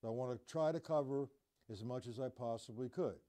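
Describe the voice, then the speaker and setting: A man's voice: mid-range voice, brisk, mellow. A man teaching drums on a live stream, talking casually and counting out beats as he demonstrates. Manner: casual, demonstrative, counts beats aloud and scats drum sounds. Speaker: drum teacher. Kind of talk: live-streamed drum lesson.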